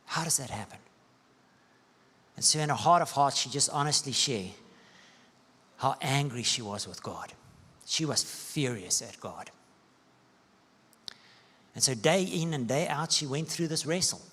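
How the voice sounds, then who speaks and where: Preacher in a reverberant hall. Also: male voice, medium pitch, lively intonation, measured pace, pauses often, husky. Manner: storytelling preacher with sweeping rises and soft dips. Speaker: pastor. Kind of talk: sermon. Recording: long church-hall reverb.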